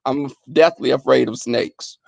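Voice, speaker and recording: Gravelly, profane man telling stories. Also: medium pitch, measured pace, no room sound. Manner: profane, animated, laughing storyteller. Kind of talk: casual storytelling to a chat.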